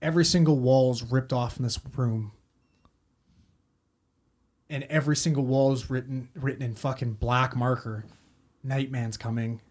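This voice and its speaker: A man's voice: medium pitch, fairly even intonation, normal speed, pauses often, darkish tone. Guy swearing nonstop, rambling story, acting out what people said, podcast chat. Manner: profane and rambling, acting out quotes. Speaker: paramedic telling a story.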